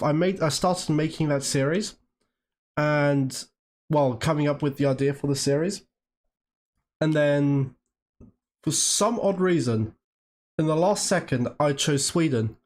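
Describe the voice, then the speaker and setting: A man with a voice pitched a little above most men's, talking loosely and chattily on a live stream. He rambles as he works and stops to answer viewer questions. He grew up between Great Britain and Germany. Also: a little mellow. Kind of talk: casual live-stream chat.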